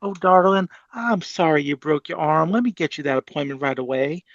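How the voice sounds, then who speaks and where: A man doing a honeyed Southern woman's voice for a customer-service AI, pitched well above his own. She is soothing and over-the-top caring. The sound is dull and dry, like a web call. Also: fairly quick, a bit bright, dry recording. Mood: sweetly soothing. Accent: Southern US, put on. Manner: syrupy, soothing, exaggerated.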